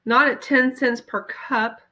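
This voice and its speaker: A woman reading aloud, voicing a sharp, questioning young girl in a storybook. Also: a little high, steady tone, takes it slowly, voice pushed up, heavily acted. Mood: disbelieving.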